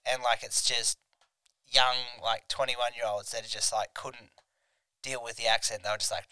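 A man's voice: mid-range voice, fairly even intonation, normal speed, bright, forceful tone, clear, resonant tone, dry recording. A young Australian man hosting a casual comedy podcast, rambling and crude as he tells stories. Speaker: podcast host.

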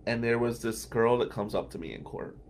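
Gravelly man telling stories. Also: mid-range voice, brisk, slight background noise. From New Jersey. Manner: casual, anecdotal, blunt. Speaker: podcast host, defense lawyer. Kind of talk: storytelling tribute.

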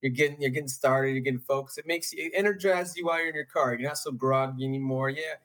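A man's voice: medium pitch, fast, fairly bright tone. A man appearing as a comedian guest in a casual comedic chat, upbeat and loose, often repeating words while he thinks.

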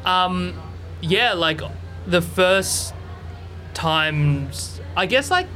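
A man's voice: high-pitched, soft background music. A man with an Australian accent, a comedian guest chatting casually, hesitant and full of fillers. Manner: relaxed, hesitant, full of fillers and quick agreements. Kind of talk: casual chat.

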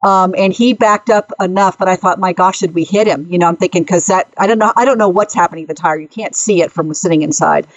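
A woman co-hosting a casual chat show, telling her own road story and chiming in with quick agreement. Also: on the low side, dry recording, highs cut off. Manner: chatty, quick back-and-forth agreement. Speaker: podcast co-host.

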